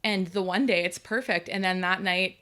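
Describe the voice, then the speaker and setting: A woman co-hosting a podcast as a wedding photographer, chatting casually with lots of "like" and quick agreement. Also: on the low side, clean tone. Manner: animated, filler-heavy, agreeable. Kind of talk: casual chat.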